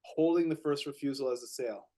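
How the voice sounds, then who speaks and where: A man's voice: medium pitch, fast. A man co-hosting a podcast, telling a real estate story in casual chat, repeating words as he gets going and acting out what others said. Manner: animated, repeats words when excited, acts out quotes.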